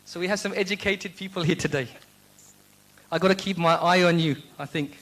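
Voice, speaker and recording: A man from the United Kingdom giving a lively lecture to a university audience, energetic and quizzing the listeners. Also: sits high, a little fast. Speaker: guest speaker.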